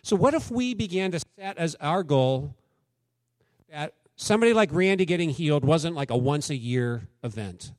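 A man's voice: a little high, expressive, moderate pace, dry recording. Candid pastor man, dry close sound. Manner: conversational, candid storytelling with acted quotes. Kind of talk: sermon.

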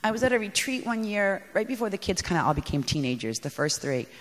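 A woman giving a talk on parenting to an audience, animated, emphatic and poking fun at herself. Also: medium pitch, fast talker. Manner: animated and emphatic, self-mocking. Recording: echoey hall.

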